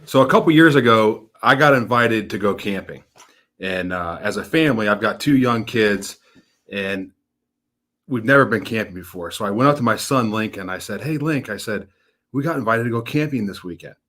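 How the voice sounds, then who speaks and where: A thirty-something financial advisor with a lowish, slightly bright voice speaks at normal speed with lively intonation. He hosts a relaxed webinar in a folksy, upbeat way, storytelling and acting out the voices he describes.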